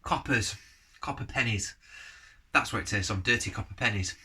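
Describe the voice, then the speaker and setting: A man's voice: lowish voice, moderate pace, bright, forceful tone, slight background noise. Rambling chatty man reviewing beer. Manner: rambling, jumps between topics; blunt, chatty verdicts. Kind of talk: casual review vlog.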